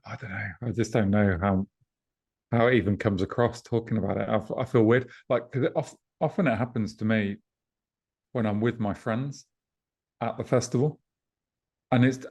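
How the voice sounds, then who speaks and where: A man co-hosting a podcast over a video call, talking in a relaxed, reflective way and reading out listener questions. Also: mid-range voice, slightly rough. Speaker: podcast co-host and festival promoter.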